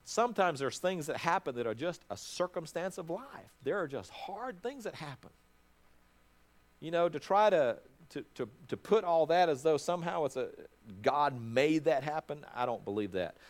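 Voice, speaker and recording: A man's voice: on the high side, lively intonation, moderate pace. A middle-aged man, a pastor, preaching a sermon in a conversational way, often restarting his words.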